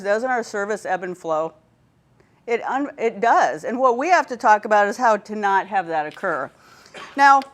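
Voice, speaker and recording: A woman leading a training workshop, telling stories and checking in with her audience. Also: fairly high pitch. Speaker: workshop presenter.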